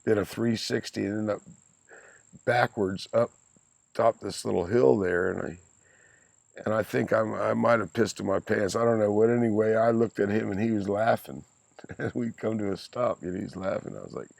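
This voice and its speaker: A low, gravelly older man in his sixties, talking close and dry into the mic. He tells lively stories with salty language and a chuckle in his voice, in a relaxed, casual chat. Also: normal speed, no room sound. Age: 60s. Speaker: podcast guest, host's father. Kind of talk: casual storytelling.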